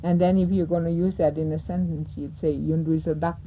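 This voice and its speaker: A woman teaching words of a language, saying each one slowly and more than once, then explaining what it means. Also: deep voice, little pitch movement. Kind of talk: teaching vocabulary, slow repeated words. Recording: tinny phone-like lo-fi recording with hiss.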